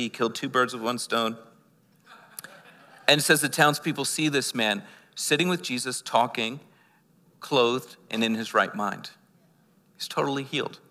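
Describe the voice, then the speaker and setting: Impassioned male pastor, bright tense voice. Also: medium pitch, big-room sound. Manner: impassioned preaching, swinging between loud and hushed; stumbles and repeats words. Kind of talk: sermon.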